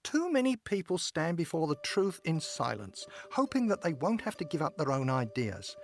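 A man giving a scripted radio devotional narration in a measured, earnest manner. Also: a little high, wildly swooping pitch, faint music behind.

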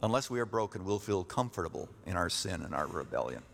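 A man preaching a sermon as pastor, emphatic, repeating his key phrases and rising in pitch to stress a point. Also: very animated, fast, gravelly, a bit bright. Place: church sanctuary. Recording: long reverb of a church hall.

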